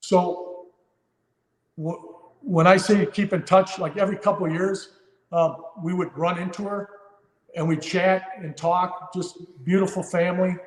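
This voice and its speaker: A man in his fifties tells a story in an earnest, heartfelt way, with plenty of fillers and restarts. His voice sits a little high for a man. The recording is roomy, with a long reverb tail. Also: steady tone, unhurried. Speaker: firefighter guest. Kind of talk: podcast interview storytelling.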